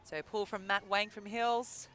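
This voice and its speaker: High, bright male commentator. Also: level tone, normal speed, a little hiss or hum. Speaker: sports commentator. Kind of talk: live sports commentary.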